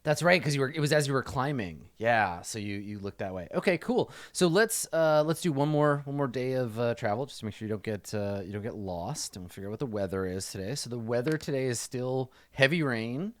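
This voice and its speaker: Man narrating as a relaxed game master. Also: medium pitch, brisk, hardly any pauses, dry recording, studio quality. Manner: relaxed, hesitant with many fillers and restarts.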